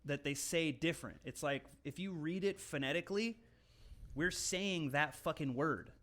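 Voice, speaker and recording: A man's voice: on the high side, normal speed, fairly bright tone. A man from California co-hosting a casual podcast, rambling and swearing freely as he jokes about accents. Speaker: podcast co-host. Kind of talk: casual profane chat.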